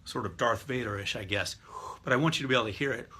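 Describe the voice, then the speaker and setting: A man's voice: medium pitch, brisk, bright, forceful tone, breathy edge. A middle-aged man lecturing a live class on rapport techniques, explaining step by step and demonstrating voices and breathing aloud. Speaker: hypnotist teaching NLP.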